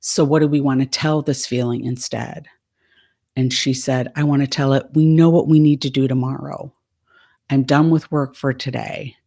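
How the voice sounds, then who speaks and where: A woman's voice: rumbling low, fairly even intonation, normal speed, gravelly, dark tone. Woman coach retelling a session. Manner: retells a session, quoting dialogue back and forth. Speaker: life coach. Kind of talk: casual storytelling monologue.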